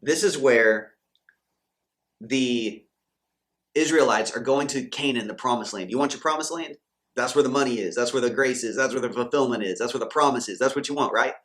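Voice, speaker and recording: A man's voice: mid-range voice, moderate pace, fairly bright tone. Man, Christian coach, motivational faith talk, fired-up, preachy, exhorting. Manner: acts out quoted doubters and believers. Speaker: Christian coach and channel host.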